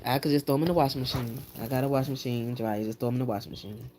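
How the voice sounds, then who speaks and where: A woman's voice: rumbling low, fairly even intonation, very fast, dark tone, slight background noise. A woman vlogging from her bedroom, chatting straight to her viewers in an exasperated, talkative way. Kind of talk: casual chat to viewers. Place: home bedroom.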